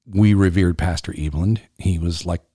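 A middle-aged man hosting a podcast, telling a personal story earnestly and haltingly, often repeating words as he recalls it. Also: low-pitched, warm tone, breathy edge, dry recording, clean studio sound.

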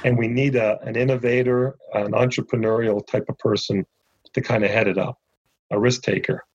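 Man from Canada, husky voice, ministry founder, animated storytelling, dull dry recording. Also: mid-range voice, normal speed, no echo. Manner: animated anecdotes, acting out quoted dialogue. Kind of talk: storytelling in a podcast interview.

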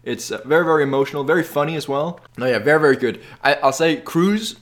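A man's voice: fairly high pitch, fast. A man co-hosting a casual movie podcast, hesitant, with dry jokey asides. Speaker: podcast co-host.

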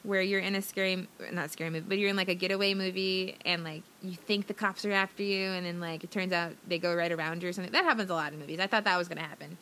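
Woman co-host, casual movie recap, rambling and giggly, bright tone. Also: fairly low pitch, fairly even intonation, fast, few pauses, slight background noise. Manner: rambling, chatty, giggly, many fillers. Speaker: podcast co-host.

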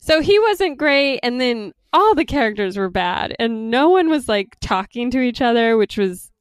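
Woman on a tv podcast, smooth clear voice, dry close mic, opinionated. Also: fairly high pitch, big pitch swings, normal speed, no echo. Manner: opinionated, laughs often, "like" fillers. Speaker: podcast co-host. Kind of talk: casual chat reviewing TV shows.

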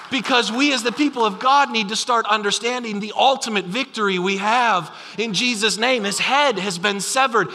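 A man's voice: high voice, moderate pace, few pauses, sharp tone. A man preaching a sermon as pastor, telling the story with emphatic energy. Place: church sanctuary. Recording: long hall reverb.

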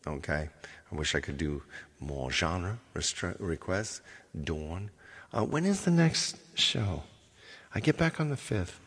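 A man's voice: low-pitched, a bit bright, breathy edge, in a large hall. A man hosting a live stream as its singer, chatting casually with viewers, thanking them by name and thinking aloud.

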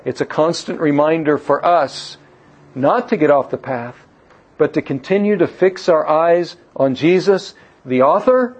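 A man's voice: on the high side, unhurried, darkish tone. A man preaching and teaching on a Bible passage in an earnest way, asking his listeners questions and often repeating words as he restarts a phrase. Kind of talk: sermon-style Bible teaching. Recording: dull lo-fi recording.

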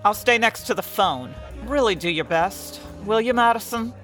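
Casting: actress as a snappish old-time noir client, brisk and cutting, faint music underneath. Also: female voice, medium pitch, lively intonation, fairly bright tone, natural voice. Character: blunt, tactless 1940s-style woman client. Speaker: client hiring a detective. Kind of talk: 1940s radio acting.

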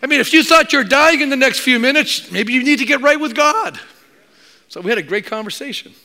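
Pastor, male, fairly high voice, animated storyteller preaching to his church. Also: brisk. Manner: animated storytelling, acts out quoted voices, jokes with the congregation. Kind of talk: sermon.

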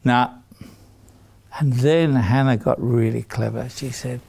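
Gravelly, animated children's storyteller man. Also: mid-range voice, slow pace, long pauses. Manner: animated, asks the children questions.

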